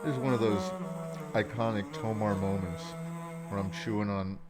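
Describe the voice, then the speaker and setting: Chatty low-voiced male game streamer. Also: normal speed. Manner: chatty, reads and thanks chat. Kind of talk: casual live-stream chat while gaming. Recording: game music playing underneath. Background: game music.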